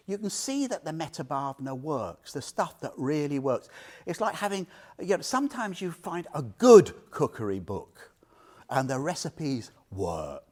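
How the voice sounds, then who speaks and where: A man giving an informal Buddhist talk to a small group, telling stories with questions and laughter. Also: fairly high pitch. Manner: animated storyteller, asks listeners questions, laughs often. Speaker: Buddhist teacher.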